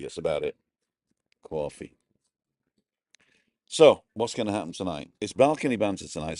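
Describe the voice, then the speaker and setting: A man's voice: low-pitched, darkish tone, no echo, studio quality. A middle-aged man casually chatting on a live stream from a bar, greeting viewers by name and wearing earphones.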